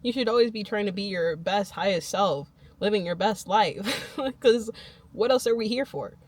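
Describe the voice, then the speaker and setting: A woman's voice: medium pitch, moderate pace, a little mellow. A young woman vlogging to her channel, giving emphatic, repetitive pep talk and often laughing. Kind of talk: motivational self-talk to camera.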